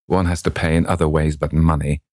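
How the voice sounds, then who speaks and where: A man's voice: very deep voice, flat delivery, a little fast, darkish tone, dry recording, studio quality. A man voicing a worldly, cynical aristocrat in a storybook reading, with a languid, drawling manner.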